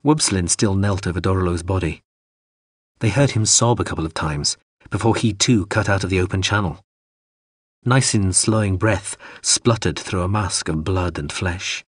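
Brief: very low, husky male narrator, dry close mic, measured reading. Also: dry recording. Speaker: audiobook narrator. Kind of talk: scripted narration.

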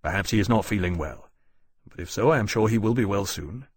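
A courteous, kind captain speaks in a low, gentle and formal way, slightly husky. A man voices him in an audiobook. The sound is dry and close. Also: lively intonation, brisk, no echo. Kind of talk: audiobook narration.

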